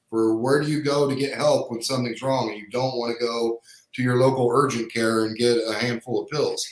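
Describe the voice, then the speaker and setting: Man talking in a roomy, echoey space. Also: mid-range voice. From Kansas, US. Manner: conversational, anecdotal, frank. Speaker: chiropractor guest. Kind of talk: casual podcast storytelling. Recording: roomy echo.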